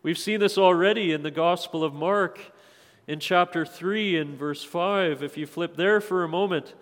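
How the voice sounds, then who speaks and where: A man's voice: sits high, moderate pace, big-room sound. A man preaching a sermon as pastor, earnest, often putting rhetorical questions to the congregation.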